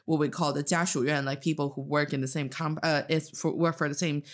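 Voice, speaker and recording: Woman, from China, low voice, casual podcast chat, animated storytelling. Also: brisk. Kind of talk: casual conversation.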